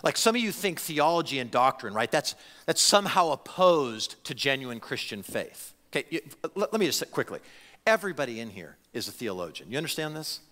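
This forties-aged preacher has a medium-pitched voice and speaks fairly quickly, very animated, with a bright and forceful tone. A long reverb tail trails his words in the church sanctuary as he performs the voices of those he quotes.

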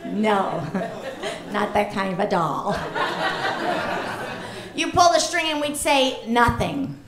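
A woman doing stand-up comedy on a club stage, chatty and punchy, with a funny high voice. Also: big pitch swings, takes it slowly, heavy background noise. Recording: echoey club with crowd laughter.

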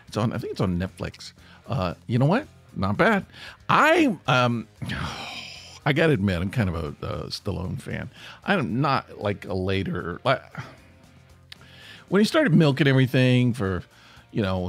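A man hosting a casual solo podcast, hoarse with his voice nearly gone, rambling and grumpy in a joking way. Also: medium pitch, no echo. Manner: rambling, self-interrupting, grumpy humor. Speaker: podcast host. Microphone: podcast microphone.

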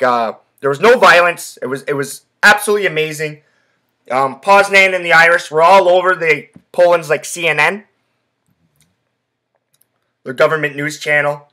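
A young man hosts a casual sports podcast, telling loose, rambling stories full of profanity and filler words. His voice is bright and forceful and sits a little high for a man. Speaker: podcast host.

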